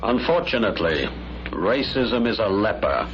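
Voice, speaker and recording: An actor playing a professor in an old educational film, lecturing formally and earnestly about prejudice. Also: male voice, fairly low pitch, sing-song, moderate pace. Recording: hissy dull old film soundtrack.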